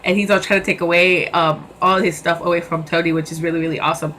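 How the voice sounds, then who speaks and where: A young woman talks through a movie review in a relaxed home vlog, her voice sitting on the low side. She gushes with enthusiasm, circling back with fillers and doubled words. A faint hum of room ambience sits underneath. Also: fast. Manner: chatty and enthusiastic, many fillers and repeats. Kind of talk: casual vlog chat.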